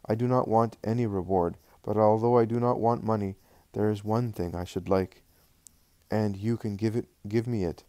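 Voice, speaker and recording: A humble, unhappy wife, read by a man in a devotional storybook reading. She pleads earnestly in a low, dark voice. The sound is dry and close. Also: fairly even intonation, normal speed, no room sound, lightly acted. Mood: pleading. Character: poor Samaritan woman, unhappy wife, pleading.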